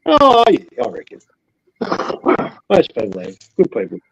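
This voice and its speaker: A man's voice: fairly high pitch, wildly swooping pitch, slow, vocal fry, a bit bright, breathy edge, dry recording, poor audio. A man calling in as a guest, chatting bluntly and laughing along. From Australia. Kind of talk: casual chat on a call.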